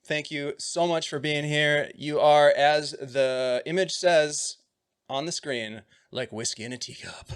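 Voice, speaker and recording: A man's voice: a little high, fairly even intonation, measured pace, clean tone. Effusive, joking male stream host. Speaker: game master and host. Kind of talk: live-stream game introduction.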